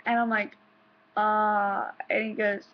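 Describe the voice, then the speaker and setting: A woman's voice: mid-range voice, unhurried, slightly rough. A young woman vlogger telling stories in a rambling, casual way, with restarts and some swearing, in a dull lo-fi home recording. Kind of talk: casual storytelling.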